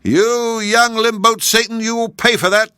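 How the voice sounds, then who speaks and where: A man voicing a cross, shrieking spinster who scolds boys with a broom, in a shrill, scolding manner. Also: expressive, normal speed, dry recording, clean studio sound, close to an everyday voice. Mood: furious.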